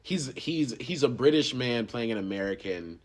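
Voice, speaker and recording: A man's voice: medium pitch, expressive, normal speed. A man hosting a podcast, chatting casually about a movie with loose fillers and restarts. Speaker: podcast host. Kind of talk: casual film review chat.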